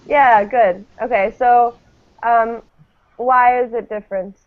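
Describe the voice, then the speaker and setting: A woman teacher leads a classroom pronunciation drill in a slow, patient way. Her voice sits fairly high. The recording is thin and phone-like. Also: fairly even intonation. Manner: patient, models each word clearly. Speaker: English teacher.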